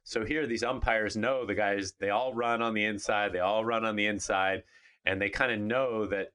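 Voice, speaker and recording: A man who used to be a pitcher gives candid opinions on a casual sports podcast, repeating himself as he talks. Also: fairly even intonation, normal speed, fairly bright tone, clear, resonant tone. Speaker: podcast co-host, former pitcher.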